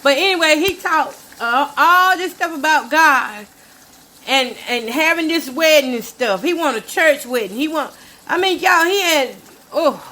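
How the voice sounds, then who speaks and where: A woman's voice: high voice, a bit bright. An older woman hosting a casual vlog, telling a story in a chatty, emphatic way while cooking. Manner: chatty, emphatic, addresses listeners as y'all. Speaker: show host. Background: talks while cooking.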